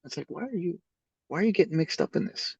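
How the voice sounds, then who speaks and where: A man who is a podcast guest, telling stories in a casual, animated way and acting out the people in them. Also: fairly high pitch, fast talker, breathy edge, dry recording. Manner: animated storyteller who acts out the voices in his stories. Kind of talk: casual storytelling interview. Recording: slightly dull lo-fi audio.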